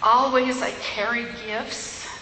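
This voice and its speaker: A woman's voice: on the high side, flat delivery, slow pace. An older woman giving a chatty farewell speech as a ministry leader, laughing at her own jokes. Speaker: outgoing women's ministry leader. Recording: echoey hall with noise.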